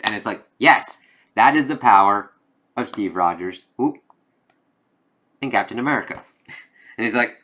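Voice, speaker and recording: A man talks through a comic book review in a loose, casual way, reading out the characters' lines as he goes. His voice is bright and forceful, pitched a little low for a man, and he swears freely. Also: normal speed. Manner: reads comic dialogue aloud, casual and swearing.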